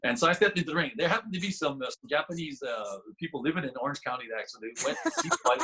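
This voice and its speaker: A man's voice: a little high, rapid-fire, noisy background. A man guest on a podcast, telling a story casually with lots of restarts and laughter. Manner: animated, laughing, many restarts.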